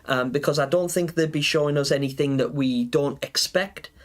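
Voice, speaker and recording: A man's voice: on the high side, normal speed. A man chatting casually on a gaming livestream, rambling with lots of fillers and answering viewers. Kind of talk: casual live-stream chat.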